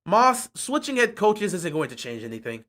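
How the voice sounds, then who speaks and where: Fan host on a live reaction stream: bright, sharp tone, sarcastic, fed up, repeats himself for effect. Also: medium pitch, big pitch swings, normal speed. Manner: frustrated, sarcastic and repetitive.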